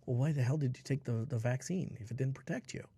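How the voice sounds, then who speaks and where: A man's voice: medium pitch, fast, mellow, husky. A man in his forties hosting a health radio show, reading news headlines and breaking into sarcastic, ranting asides. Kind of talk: solo health news commentary.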